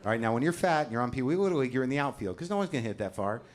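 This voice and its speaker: Older male stand-up comic, conversational and self-mocking, medium-pitched voice, mic on stage. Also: lively intonation, very fast. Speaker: stand-up comedian. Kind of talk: stand-up routine. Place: comedy stage. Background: audience laughter.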